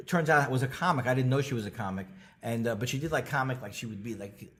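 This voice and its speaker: A middle-aged male comedian telling stories as a podcast guest, animated and full of restarts. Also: fast talker. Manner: animated, many restarts, bursts into high character voices. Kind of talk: storytelling conversation.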